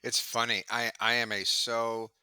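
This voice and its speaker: A middle-aged man on a video call chatting in an interview, telling stories with lively acted-out quotes. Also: mid-range voice, unhurried, clear, resonant tone, no echo. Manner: animated storyteller, acts out quoted voices. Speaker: sales trainer and podcast guest. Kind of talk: casual interview chat.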